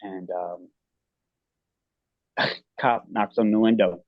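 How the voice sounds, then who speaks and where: Halting, earnest man, dull dry audio. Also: fairly low pitch, fairly even intonation, no room sound. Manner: halting, earnest, many restarts. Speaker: guest. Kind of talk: personal storytelling in an interview.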